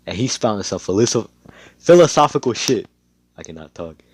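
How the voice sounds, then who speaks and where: A man's voice: lowish voice, sing-song, normal speed, slightly rough, dry recording. A young man telling a fan story in a casual, rambling way, swearing often and leaning on fillers. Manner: rambling, profane, full of fillers.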